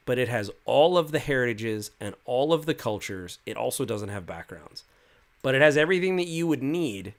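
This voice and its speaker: A man's voice: mid-range voice, fairly bright tone. A man hosting a casual livestream as game master, reading viewer comments aloud and answering them in a loose, rambling way. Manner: loose and rambling, with many fillers and restarts. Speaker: game master and stream host.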